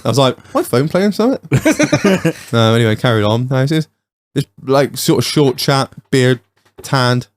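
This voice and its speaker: A man's voice: medium pitch, animated, measured pace, long pauses, dry recording. A man hosting a podcast in casual chat, telling stories with lots of swearing. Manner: sweary storytelling. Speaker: podcast host.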